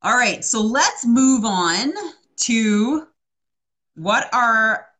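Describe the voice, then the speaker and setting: A woman interviewing a guest, asking her questions in a relaxed, casual way with some fillers. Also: a little high, drawn-out words.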